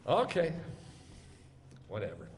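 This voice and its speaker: A man's voice: medium pitch, huge pitch swings, slow pace, a little hiss or hum. A rabbi teaching scripture to his congregation, pressing them with repeated questions and urging them to answer aloud. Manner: drilling call-and-response, urging listeners to answer aloud. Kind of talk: interactive scripture lesson. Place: congregation meeting hall. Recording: long reverb of a large room.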